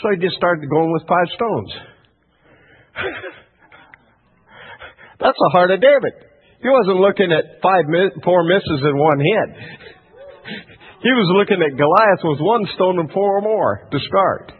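A man's voice: high voice, animated, slow pace, long pauses, breathy edge, phone-quality sound. A man preaching a sermon in an emphatic, folksy style, telling the story with lots of energy.

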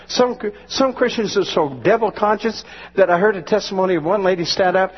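A man's voice: high-pitched, a little fast, breathy edge. A male pastor preaching a sermon with fervent, rising exclamations. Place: church sanctuary. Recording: dull lo-fi church recording with long reverb.

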